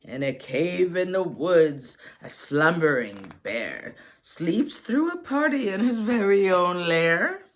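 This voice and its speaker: A woman reading a children's picture book aloud, slow and expressive. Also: lowish voice.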